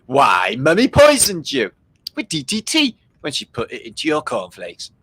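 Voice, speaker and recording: A man's voice: a little high, wildly swooping pitch, moderate pace, fairly bright tone, breathy edge, no echo, low-quality recording. A man hosting a livestream, making sarcastic jokes and slipping into silly voices. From Britain. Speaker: livestream host. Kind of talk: casual mocking commentary.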